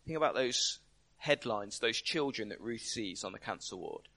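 Bright-voiced man preaching. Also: lowish voice, expressive, moderate pace. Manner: conversational, emphatic, rhetorical questions. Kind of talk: sermon.

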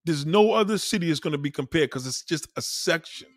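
A young New York man with a slightly high, lively voice rants casually at a fairly quick pace. He's blunt and heavily profane, hammering his points home by repeating them, in clean studio sound with no room sound.

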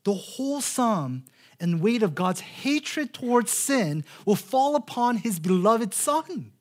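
An earnest man in his thirties preaches a sermon. His pitch swings widely up and down, and he slows right down to lean on key phrases, often repeating words as he restarts a thought. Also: sing-song. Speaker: pastor.

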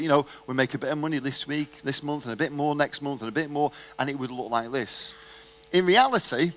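A man's voice: on the high side, fairly bright tone. A man preaching a sermon, telling a personal story and asking the audience rhetorical questions in a conversational way.

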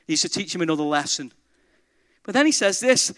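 A man preaching a sermon as pastor, his voice pitched high and bright with a forceful edge. He shifts from quiet, reflective passages to loud, joyful calls to the congregation. The sound is close and dry. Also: expressive, brisk, no room sound.

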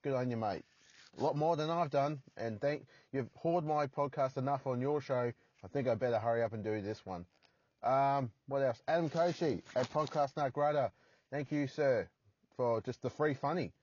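A man's voice: mid-range voice, normal speed, a little mellow, slightly rough, no echo, muffled recording. An Australian man hosting a solo podcast from his parked car, rambling and poking fun at himself with crude jokes. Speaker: podcast host.

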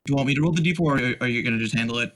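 Bright-voiced man explaining game rules. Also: mid-range voice, racing, slight background noise. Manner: explanatory, casual. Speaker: tabletop game player.

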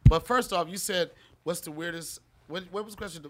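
A man's voice: high voice, fairly quick, fairly bright tone. A man co-hosting a podcast, telling stories in slangy, profane, laughing talk. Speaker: comedian co-host. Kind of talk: casual podcast chat.

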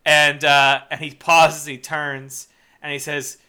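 A man co-hosting a casual movie-review podcast, animated, swearing freely and laughing as he talks. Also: a little high, measured pace. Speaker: podcast co-host.

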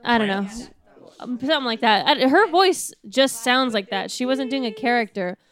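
Casting note: a chatty, high-voiced woman, rambling and casual. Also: lively intonation, normal speed, fairly bright tone. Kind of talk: casual comedic chat.

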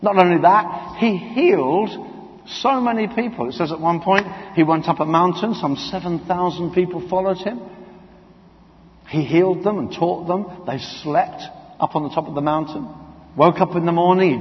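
A man delivers a sermon in a big reverberant hall, with a fairly high voice. He tells the story vividly and acts out the quotes. The recording sounds dull and a little muffled. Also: normal speed. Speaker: preacher.

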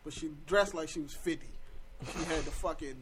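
A man hosting a casual podcast, telling stories in an animated way with heavy slang. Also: a little high, a little fast, noisy background. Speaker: podcast host.

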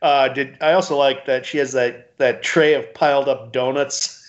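A man's voice: medium pitch, fairly even intonation, moderate pace. A man co-hosting a casual podcast chat, hesitant with many fillers and chuckles. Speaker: podcast co-host. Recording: dull lo-fi podcast audio.

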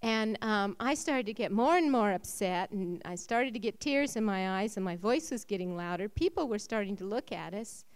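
A woman tells a personal faith testimony in a mid-pitched voice. Her delivery is emotional, rising with excitement and dropping to a low, soft tone in the reflective stretches. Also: moderate pace, few pauses, clean tone. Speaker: speaker sharing a testimony.

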